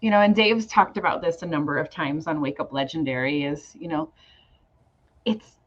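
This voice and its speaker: A woman's voice: deep voice, expressive, normal speed. Affirming woman interviewer, dull lo-fi sound. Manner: affirming, chiming in. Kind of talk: casual interview.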